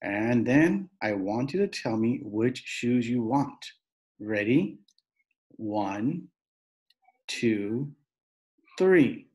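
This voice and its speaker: A man's voice: mid-range voice, expressive, drawn-out words, long pauses, darkish tone. A man voicing a worried, fussy mother who frets and stammers. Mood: firm. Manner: fretful, flustered, stammering.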